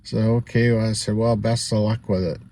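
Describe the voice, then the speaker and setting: A lowish, dark, steady male voice at normal speed belongs to a vlogger telling a personal tale to camera. His delivery is rambling and chatty, full of asides, little laughs and "you know."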